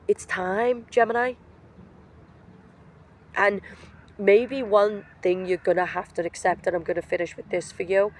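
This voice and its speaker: A woman's voice: lowish voice, a little mellow. Woman tarot reader, sick-sounding voice; blunt, emphatic, slangy delivery, recorded outdoors. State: sick, voice affected. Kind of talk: casual motivational tarot reading. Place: outdoors in nature.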